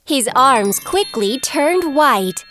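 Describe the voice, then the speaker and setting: A woman narrating a children's cartoon fairy tale in a clear, lilting, expressive storybook style. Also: sits high, slow. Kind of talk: scripted bedtime storybook narration. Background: background music.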